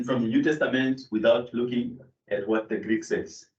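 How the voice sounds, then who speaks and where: A man's voice: medium pitch, steady tone, moderate pace, darkish tone. A man teaching a Greek grammar class, explaining step by step with fillers and self-corrections. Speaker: Greek lecturer. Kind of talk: classroom lecture. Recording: echoey room, distant mic, dull sound.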